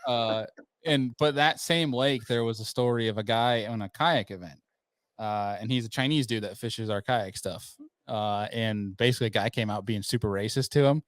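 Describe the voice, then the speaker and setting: Podcast host, man; lively storyteller who does the voices of people he quotes; dry close sound. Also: mid-range voice, moderate pace, no echo. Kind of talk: casual chat.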